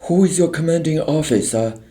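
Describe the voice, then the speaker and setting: A man's voice: on the high side, animated, normal speed, mellow, voice pushed up, lightly acted. A man voicing a brave woman teacher who speaks in demanding, urgent tones.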